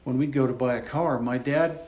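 A man's voice: mid-range voice, a little fast, a little mellow. A man preaching a conversational expository sermon in a church, explaining and repeating his points as he goes. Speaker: pastor.

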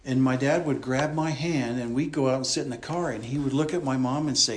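A man delivering a teaching sermon from the pulpit, in a voice of ordinary middle pitch. He talks in an easy, conversational way, walking listeners through the text and circling back to restate each point. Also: fairly quick, few pauses, slight background noise. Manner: conversational, explains and repeats points. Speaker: pastor. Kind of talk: expository sermon.

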